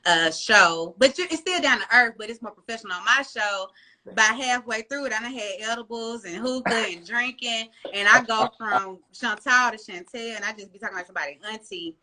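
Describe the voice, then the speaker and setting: Woman, podcast guest, bright, animated storytelling. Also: a little high, a little fast. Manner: animated storytelling, slangy and playful. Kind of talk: casual chat.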